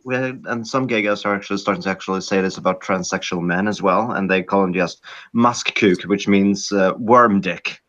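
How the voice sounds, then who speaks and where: A man with a Swedish accent talks in a lowish voice, hesitating often and restarting his sentences. His audio sounds dull and lo-fi, as if recorded on a modest setup. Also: moderate pace, fairly bright tone. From Sweden. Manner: hesitant, many fillers and restarts. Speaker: guest. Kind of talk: casual podcast chat.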